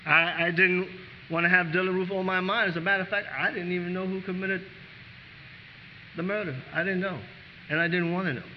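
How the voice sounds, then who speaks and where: A man's voice: high-pitched, fairly even intonation, brisk, lo-fi sound, slight background noise. An older man preaching a sermon as pastor, asking the congregation question after question and rising to fervent peaks.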